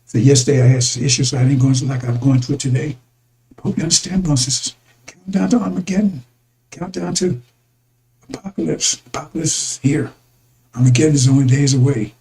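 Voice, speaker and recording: A man's voice: medium pitch, fast talker, gravelly, warm tone, poor audio. A man giving a rambling religious talk to his listeners, repeating himself and calling them brothers and sisters. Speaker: religious broadcaster.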